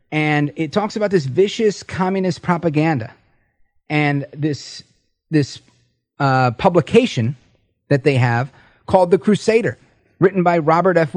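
A man guest-hosting a talk radio show in a studio, energetic and punchy. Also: on the high side, dry recording. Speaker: radio host.

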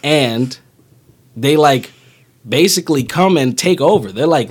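A man's voice: mid-range voice, expressive, unhurried, pauses often, husky. A man co-hosting a podcast, rambling playfully as he retells a movie plot. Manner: rambling, playful, retells plots with put-on voices. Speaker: podcast co-host. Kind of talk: casual podcast chat.

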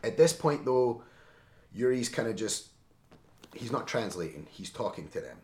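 Guest storyteller: deep male voice, emphatic and animated, in a roomy echoey space. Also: moderate pace. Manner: animated, emphatic, tags lines with "right?". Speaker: interview guest. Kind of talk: casual storytelling. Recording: roomy echo.

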